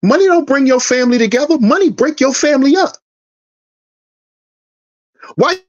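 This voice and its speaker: A man's voice: extremely high pitch, expressive, normal speed, lo-fi sound. A man hosting a commentary channel, preaching an emphatic rant that repeats lines for effect and swears freely. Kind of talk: ranting social commentary.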